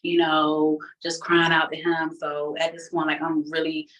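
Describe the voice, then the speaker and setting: Low-voiced woman telling her testimony. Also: completely flat delivery, a little slow, fairly bright tone, recorded from a distance, rough recording. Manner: emotional, candid and colloquial, full of fillers. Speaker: person giving a church testimony. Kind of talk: personal testimony storytelling.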